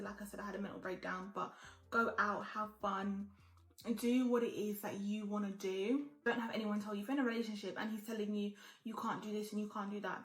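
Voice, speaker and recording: A lifestyle vlogger in her twenties chats casually while getting ready, handing out blunt, emphatic advice and swearing freely. Her voice is medium-pitched and a bit bright, and the room is echoey.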